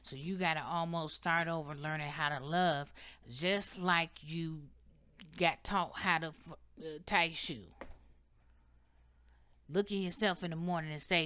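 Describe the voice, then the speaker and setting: Woman tarot reader, low and bright, emphatic and preachy. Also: steady tone, unhurried, clear, resonant tone, no room sound. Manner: emphatic, preachy, repeats "okay?" often. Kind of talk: casual spiritual advice monologue.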